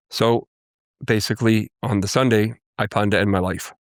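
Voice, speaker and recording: Interview guest, male, from Canada; earnest, halting testimony with a low voice and close, dry sound. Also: steady tone, dry recording. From Canada, First Nations Cree. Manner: earnest, halting storytelling with restarts.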